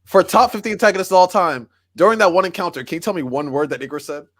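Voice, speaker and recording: A man's voice: sits high, animated, quick pace, fairly bright tone. A man co-hosting a podcast in casual chat, teasing and questioning the others. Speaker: podcast co-host.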